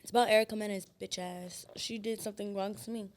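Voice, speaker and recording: A woman guest on a podcast, telling her story in a blunt, profane and animated way. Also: medium pitch, quick pace. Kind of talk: casual storytelling chat.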